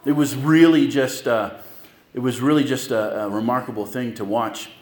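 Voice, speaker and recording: A man's voice: medium pitch, fairly even intonation, moderate pace, a little mellow, roomy sound. A man preaching a sermon as pastor, telling stories in a loose, conversational way with asides to the congregation.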